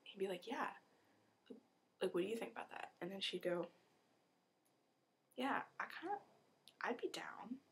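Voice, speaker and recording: A young woman vlogging in a rambling, animated way, swearing and acting out characters in quick asides. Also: mid-range voice, a little hiss or hum. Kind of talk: rambling casual vlog.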